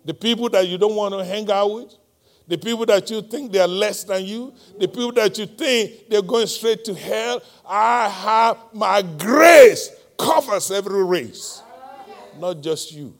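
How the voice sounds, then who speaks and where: A middle-aged man with a Nigerian accent preaching a sermon, moving between loud, emphatic appeals and quiet, close storytelling. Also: high-pitched, moderate pace.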